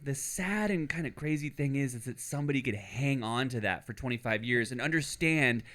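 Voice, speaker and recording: A man's voice: mid-range voice, lively intonation, fairly quick, fairly bright tone. A man co-hosting a podcast, chatting casually and joking around, sometimes breaking into silly sing-song. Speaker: podcast co-host. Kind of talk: casual chat.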